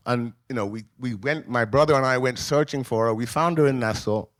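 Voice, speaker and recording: A man in his sixties tells his family's story at a live book event, speaking into a microphone. His voice sits in a middle register and sounds dry and close, with no room around it. He is an animated, emotional storyteller who acts out the voices of the people he describes. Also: medium pitch, brisk, no echo. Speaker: memoir author on a festival panel. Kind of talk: personal storytelling at a book talk. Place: live event in a library venue.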